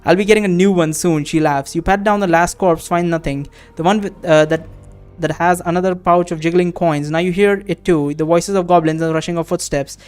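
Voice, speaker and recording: This man streams a let's-play of a text adventure, reading the game text aloud and chatting between passages, tossing out casual swears while thinking aloud. His voice is a little high, smooth and a little mellow, fairly even in intonation and a little fast, with faint music behind.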